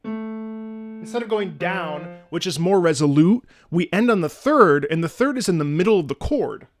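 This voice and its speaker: High-voiced man humming and explaining. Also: animated, moderate pace, faint music behind. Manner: hums melodies with "da da" syllables while explaining; enthusiastic, restarts sentences. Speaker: channel host. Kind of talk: casual music analysis.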